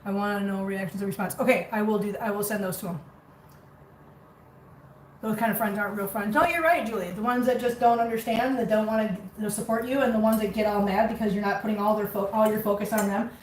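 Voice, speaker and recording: A woman's voice: medium pitch, steady tone, fast, a little mellow, echoey room, distant mic, a little hiss or hum, poor audio. A chatty middle-aged woman rambling casually to her livestream viewers while cooking in her home kitchen. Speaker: cat rescue vlogger.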